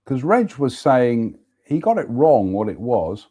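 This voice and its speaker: A man's voice: medium pitch, sing-song, measured pace, few pauses, warm tone, breathy edge. A man, chatting casually as host about a walk and a beer, then reading out a ghost story. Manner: chatty, exclamatory, reads labels aloud.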